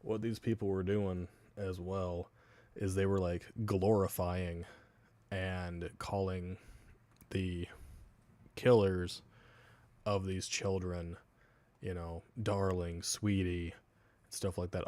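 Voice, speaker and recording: Low-voiced casual streamer man, swears freely. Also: level tone, slow, a little mellow, dry recording. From United States. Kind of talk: casual live-stream chat.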